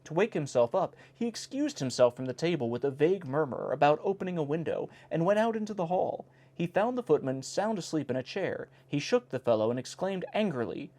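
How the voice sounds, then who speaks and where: Man, fairly high voice with a bouncy, lively delivery. He reads aloud casually and drops wry asides between jokes. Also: a little fast. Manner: wry, breaks off to comment on each joke. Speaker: host reading an old joke book. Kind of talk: casual reading aloud with commentary. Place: indoor home recording in South Carolina.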